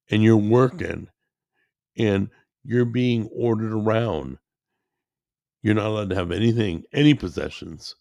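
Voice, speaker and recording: A man delivers a heated, repetitive political rant, calling his listeners guys. His voice sits low with a gravelly fry, and he talks at an unhurried, deliberate pace. The sound is close and dry. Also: a little mellow, no echo. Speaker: commentator.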